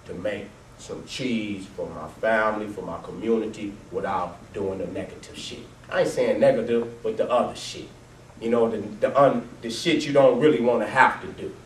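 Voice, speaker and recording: A man telling his life story to a live audience over photos, swearing heavily, laughing often and swinging between loud bursts and low, quiet stretches. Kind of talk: profane, animated storytelling talk to a live audience. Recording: roomy, distant mic, faint background noise.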